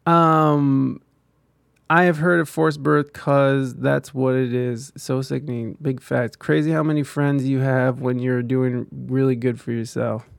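A man's voice: medium pitch, level tone, a little slow, gravelly, no echo, clean studio sound. A man ranting in casual commentary, profane and heated, rambling with many restarts.

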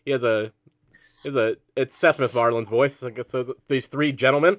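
A man's voice: medium pitch, steady tone, a little fast. A man hosting a comedy game segment on a podcast, playful and jokey, laughing often. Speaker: game show host.

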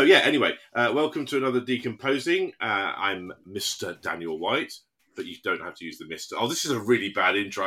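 A man's voice: on the low side, pushed and bright. A man co-hosting a podcast, rambling and self-deprecating in casual chat, laughing at his own fumbles. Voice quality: smooth. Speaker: podcast co-host.

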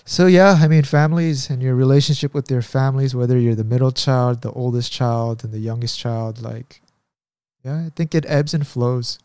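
A man's voice: medium pitch, steady tone, moderate pace, a little mellow, clear, resonant tone, dry recording, studio quality. A man in casual conversation, telling stories in a reflective, rambling way. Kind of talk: casual chat.

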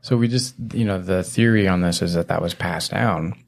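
A very low-pitched man hosts a podcast in loose, rambling talk. He explains things at length and teases his guests, leaning on filler words as he goes. His voice sits well down in the bass. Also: moderate pace, vocal fry. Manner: rambling, teasing, heavy "you know" fillers. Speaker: podcast host. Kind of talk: casual conversational explaining.

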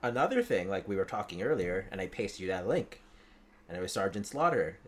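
A man co-hosting a podcast in casual chat, relaxed and chuckling now and then. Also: deep voice, brisk.

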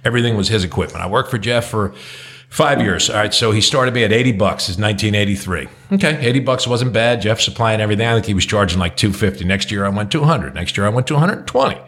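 A man's voice: on the low side, animated, fast, a bit bright. Middle-aged man from New Jersey, podcast co-host, blunt and profane. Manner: blunt, opinionated, swears freely. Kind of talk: casual chat.

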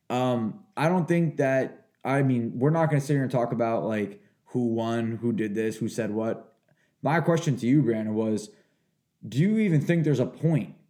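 A man in his twenties hosting a podcast, rambling and animated as he chats. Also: medium pitch. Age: 20s. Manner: rambling, animated, laughs easily. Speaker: podcast host. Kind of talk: casual chat.

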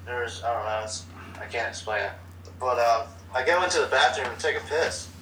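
A man's voice: medium pitch, brisk, pushed and bright, distant mic, slight background noise. A man guesting on a podcast, telling a crude anecdote in casual chat. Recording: roomy, off-mic, crowd behind.

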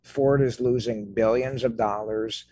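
A man hosting an interview podcast who retells a business anecdote in an animated way. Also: mid-range voice, a little slow, dry recording. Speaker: podcast host. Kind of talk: interview conversation.

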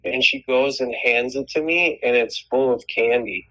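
A man's voice: medium pitch, normal speed, sharp tone, muffled recording. A man telling a long personal story in casual chat, rambling and swearing, with many restarts. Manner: rambling, profane, frequent restarts.

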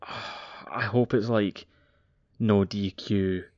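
A man co-hosting a wrestling podcast, excitable and sweary as he recaps matches. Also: lowish voice, extremely slow, no echo, highs cut off. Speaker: podcast co-host.

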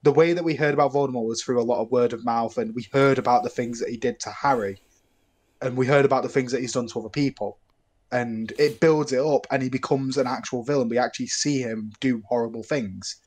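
A young man, a filmmaker guest on a podcast, rambling and animated in casual film talk, laughing often. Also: medium pitch, fairly quick. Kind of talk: casual film review chat.

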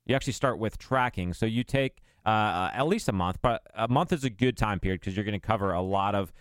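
A man co-hosts a casual podcast chat in a low, smooth voice. The sound is dry and close. He explains things in a measured, steady way. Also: no echo. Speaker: podcast co-host.

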